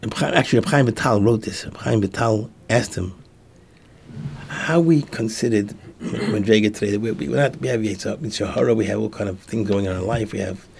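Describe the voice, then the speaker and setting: A man, a rabbi, telling a story as a sermon and acting out the dialogue in soft, hushed tones. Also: on the low side, normal speed, vocal fry, a little hiss or hum.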